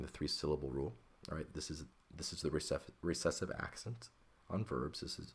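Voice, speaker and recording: A man's voice: rumbling low, husky. A man teaching a Greek grammar lesson, working patiently step by step and often checking in with "okay?".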